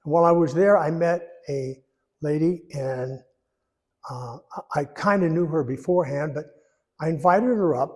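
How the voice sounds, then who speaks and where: A man in his eighties giving a personal testimony in church, rambling and folksy, pausing when emotional. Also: fairly high pitch, darkish tone. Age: 80s. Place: church sanctuary. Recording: echoey church hall.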